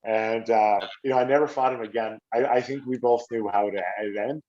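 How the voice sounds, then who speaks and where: A middle-aged Canadian man, a former hockey player, telling stories casually on a podcast and acting out quotes with a raised voice. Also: fairly quick. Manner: animated, acts out quotes with raised pitch. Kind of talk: casual storytelling. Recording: slightly dull lo-fi audio.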